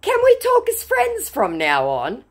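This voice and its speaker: A woman voicing a male online scammer who poses as a singer, all syrupy, stiff, scripted flattery. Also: high voice, measured pace, pitched above the performer's own voice, full character voice. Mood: placating.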